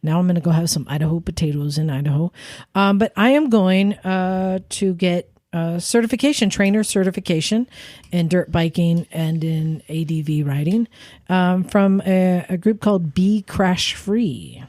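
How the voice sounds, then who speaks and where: A woman's voice: on the low side, moderate pace, dark tone, dry recording, clean studio sound. A woman co-hosting a podcast in casual chat, chatty with many fillers and frequent laughs. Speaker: podcast co-host.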